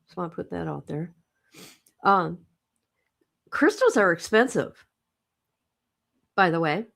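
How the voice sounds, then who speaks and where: An older woman, a mom and grandma, hosts a livestream and chats casually in a lowish, gravelly, fairly bright voice that is very animated yet slow. Sleepy and yawning, she rambles and pokes fun at herself.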